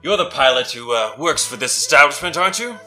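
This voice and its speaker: A man's voice: on the high side, animated, quick pace, pushed and bright, faint music behind, pitched above the performer's own voice. A man voicing a vain, pompous man who talks in a grand, self-admiring way. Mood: haughty. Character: vain, pompous adult man lounging poolside.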